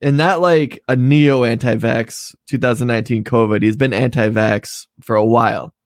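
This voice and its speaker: A man's voice: mid-range voice, steady tone, moderate pace, no room sound. A man co-hosting a casual political podcast, giving his opinions in a conversational, swearing way. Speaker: podcast co-host.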